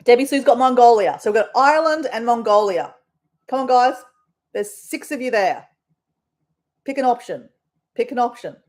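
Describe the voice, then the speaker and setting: A woman's voice: fairly high pitch, lively intonation, moderate pace, pauses often, a little mellow. An Australian woman hosting a casual live stream, chatting in a rambling way with her viewers. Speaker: livestream host.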